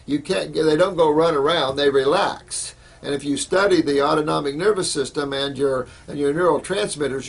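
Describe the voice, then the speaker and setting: A man's voice: a little high, vocal fry, breathy edge. A man giving an informal health lecture, emphatic and repetitive, with frequent fillers. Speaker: health educator.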